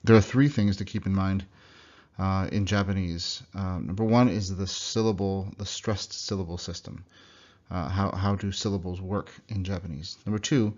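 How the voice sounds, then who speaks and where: A man teaching a recorded slideshow lesson on pronunciation, speaking in a relaxed way with many fillers and restarts. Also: low voice, muffled recording. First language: English. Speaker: language teacher. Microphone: computer microphone for a slideshow recording.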